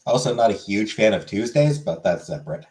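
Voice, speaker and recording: A man answering casual questions in a podcast chat with dry, deadpan humor. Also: lowish voice, fairly quick.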